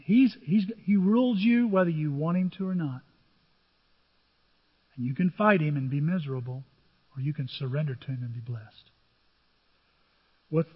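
Older man, pastor, sermon, husky, storytelling, long hall reverb. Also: on the high side, highs cut off. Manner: conversational storytelling, acts out biblical dialogue.

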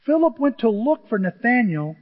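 A man preaching with an animated delivery, often breaking into little acted-out voices. His voice sits high for a man and carries a husky edge. The recording is dull and lo-fi, with a long reverb trailing off the walls. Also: normal speed. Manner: animated, acts out quotes in different voices. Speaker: pastor. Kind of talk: sermon.

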